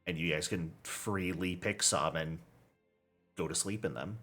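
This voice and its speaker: A man running a tabletop game as game master, narrating in a relaxed, descriptive way. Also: sits low, measured pace, soft background music.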